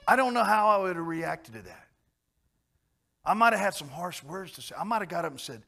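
Animated preacher with a fairly high voice. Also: male voice, normal speed, creaky. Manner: conversational, asks the audience questions, swings from quiet to emphatic. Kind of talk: sermon.

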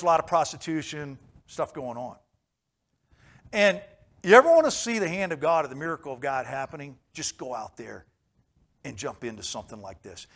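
A man delivers an informal sermon in an earnest, storytelling way. His voice sits a little higher than most men's, and he often stops to ask the congregation questions. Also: fairly bright tone. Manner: earnest, anecdotal, asks the listeners questions. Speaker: preacher.

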